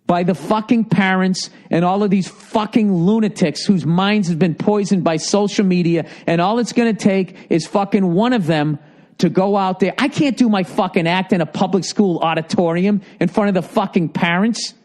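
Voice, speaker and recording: Profane ranting man, high voice. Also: normal speed, a little mellow. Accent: Boston. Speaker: podcast host. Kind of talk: ranting monologue reading listener mail.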